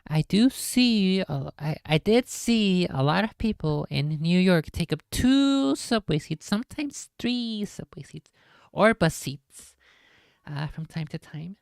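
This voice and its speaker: Woman streamer reading aloud; low, casual, jokey, swears in asides, dry close sound. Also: expressive, slow pace, creaky, darkish tone, no echo.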